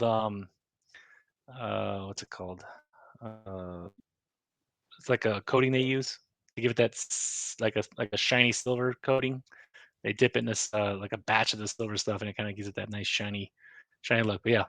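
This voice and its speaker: A man's voice: on the low side, fairly bright tone, no room sound. A man, a navy chief, chatting casually about challenge coins, rambling with many fillers and restarts. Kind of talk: casual show-and-tell chat.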